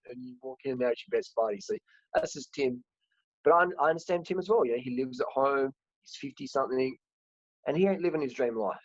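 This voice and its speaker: A husky-voiced man talks frankly in a loose, rambling way, often restarting his words. The sound is dry and a little dull, like a lo-fi home recording. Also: mid-range voice, expressive, fast talker, dry recording. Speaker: host. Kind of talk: casual chat.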